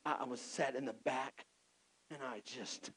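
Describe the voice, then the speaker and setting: A man from Texas, telling his own story in an animated, self-mocking sermon with lots of restarts. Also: mid-range voice, normal speed, husky. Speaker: preacher.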